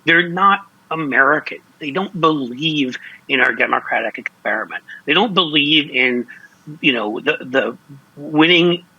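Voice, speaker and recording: A man's voice: medium pitch, pushed and bright, slightly rough, dry recording, muffled recording. A male political commentator from Ohio in heated talk, blunt and impassioned, often restarting his sentences.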